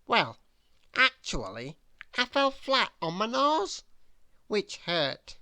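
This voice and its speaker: A woman reading a children's bedtime story aloud in the first person, with expressive storytelling. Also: mid-range voice, takes it slowly, no room sound, studio quality.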